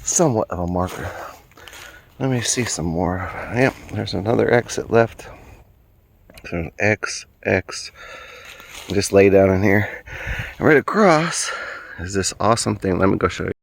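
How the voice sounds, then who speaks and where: A man's voice: lowish voice, animated, unhurried, creaky, long pauses. A man vlogging while walking through the woods, rambling and musing as he points things out. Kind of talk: casual outdoor vlog. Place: woods outdoors.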